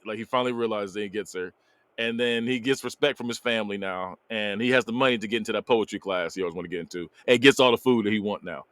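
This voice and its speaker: A man's voice: on the low side, quick pace, clear, resonant tone, no room sound. A man hosting a podcast, retelling a movie plot in a casual, laughing way. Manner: animated storyteller, laughs often. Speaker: podcast host. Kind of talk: casual movie recap chat.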